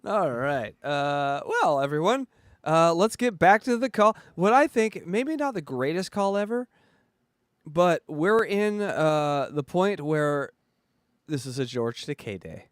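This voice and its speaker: A man hosting a podcast, chatting casually with crude jokes and lots of halting fillers. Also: fairly high pitch, expressive, dry recording, studio quality. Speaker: podcast host.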